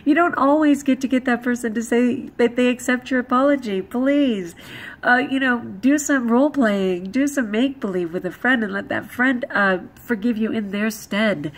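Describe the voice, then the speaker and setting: Animated woman vlogger, blunt and jokey, somewhat high voice. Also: normal speed, rough recording. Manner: animated, blunt and joking, with laughs. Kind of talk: casual vlog talk.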